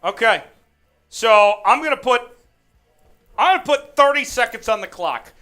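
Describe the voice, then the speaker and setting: A man's voice: very high-pitched, animated, moderate pace, bright, forceful tone, soft background music. Amped-up man hosting a live game stream. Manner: amped, hyped, calls plays and reads chat. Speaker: host. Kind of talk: live sports watch-along stream.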